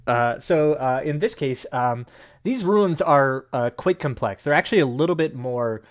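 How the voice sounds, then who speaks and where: A man's voice: mid-range voice, animated, moderate pace. Hesitant man running a tabletop game. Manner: hesitant, with many uhs and likes. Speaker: game master. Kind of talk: describing scenes and explaining rules.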